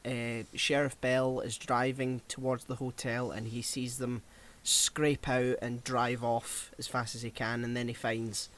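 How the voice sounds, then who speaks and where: A man's voice: mid-range voice, flat delivery, measured pace, few pauses, fairly bright tone. A man co-hosting a podcast, talking casually and steering the film discussion as he recounts scenes. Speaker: podcast co-host.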